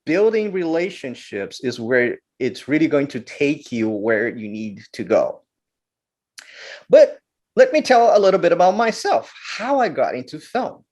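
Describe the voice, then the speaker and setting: A man from Brazil, a guest filmmaker telling stories in an interview, animated and often repeating words as he goes. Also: fairly high pitch, measured pace. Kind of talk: storytelling interview.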